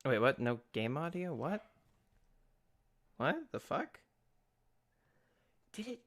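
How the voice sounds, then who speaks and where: Slow-talking woman swearing through gameplay. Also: low voice, sing-song. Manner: swears a lot, rambling and self-interrupting. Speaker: streamer playing a game. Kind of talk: casual gameplay commentary.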